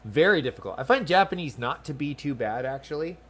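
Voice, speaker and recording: A man casually commentating his game session, chatty and excitable, often reading the on-screen text aloud. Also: fairly high pitch, a little fast, faint music behind. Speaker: game streamer. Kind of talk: let's-play commentary.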